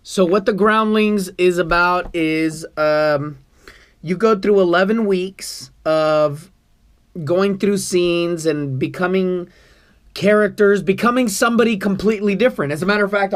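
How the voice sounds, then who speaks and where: A man's voice: high voice, measured pace. A man vlogging to camera about his acting class, talking in an earnest, rambling way, bothered by allergies. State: allergies, coughing. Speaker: vlogger, improv student. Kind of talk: casual talk to camera.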